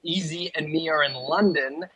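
A man's voice: fairly high pitch, normal speed, sharp tone, low-quality recording. A man chatting on a podcast as a guest, playful and a bit mock-dramatic. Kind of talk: casual podcast chat.

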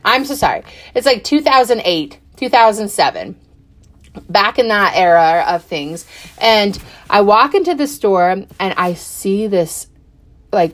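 A middle-aged woman recounts a memory in a loose, conversational way, with plenty of fillers and restarts. She acts out what people said, slipping into livelier tones for quoted lines. Her voice sits at an ordinary pitch for a woman. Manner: chatty, animated, many fillers and acted-out quotes. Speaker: podcast guest. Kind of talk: personal storytelling.

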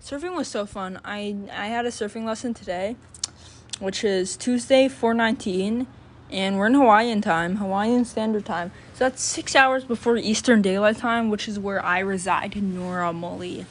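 A woman's voice: mid-range voice, moderate pace. A woman hosting her own channel, chatting in a casual, rambling monologue full of filler words and restarts. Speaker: channel host.

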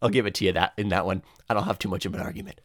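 A young man doing a rambling, profane comedic monologue, often jumping into high-pitched voices for the people he quotes. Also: steady tone, rapid-fire, no echo, clean studio sound.

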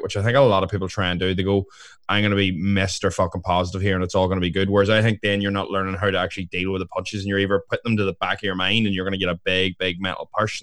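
A man's voice: low-pitched, no echo, studio quality. A man in casual podcast chat, rambling with lots of fillers and swearing.

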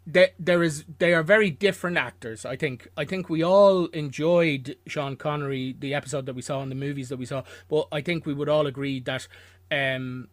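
A man's voice: mid-range voice, fairly bright tone, no echo. A man hosting a casual film podcast, talking in a rambling way with restarts and laughs. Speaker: podcast host.

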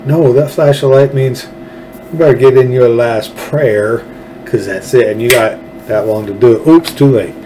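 Texas guy ranting on his own show, swears a lot, sarcastic, mellow darkish voice. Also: medium pitch, normal speed, a little hiss or hum, rough recording. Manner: blunt, profane, sarcastic. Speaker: political talk show host. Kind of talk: ranting solo commentary.

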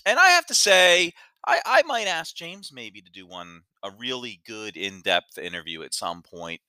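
Rambling self-deprecating podcast host, bright voice. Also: male voice, mid-range voice, very animated, moderate pace, smooth, dry recording. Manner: rambling, self-deprecating, stumbles over words. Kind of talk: casual solo podcast monologue.

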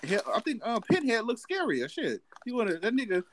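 A man hosting a casual podcast chat, animated and profane, laughing often. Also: very high-pitched, a little fast, a little hiss or hum. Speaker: podcast host.

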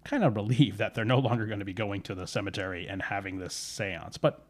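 Guy w a lowish voice rambling thru a story, lots of "you know"s. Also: fast. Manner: rambling, many fillers, self-correcting. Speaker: podcast storyteller. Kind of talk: casual storytelling chat.

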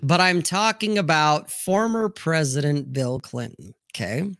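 A man's voice: fairly high pitch, measured pace, gravelly, a bit bright, dry recording, studio quality. Blunt, profane man hosting a stream. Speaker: livestream host. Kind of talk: casual panel chat. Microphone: streaming mic, remote call.

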